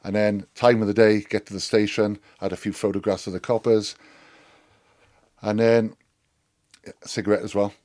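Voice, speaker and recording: A man's voice: lowish voice, level tone, moderate pace, pauses often, darkish tone, no echo, clean studio sound. Welsh man telling a profane anecdote. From Wales. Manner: rambling, profane, acts out others' lines. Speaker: former rugby player. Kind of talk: storytelling anecdote.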